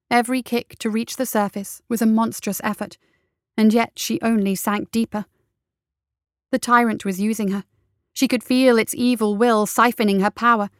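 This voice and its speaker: A woman reading fantasy narration for an audiobook in a steady, measured way. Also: a little high, clear, resonant tone, no room sound, clean studio sound.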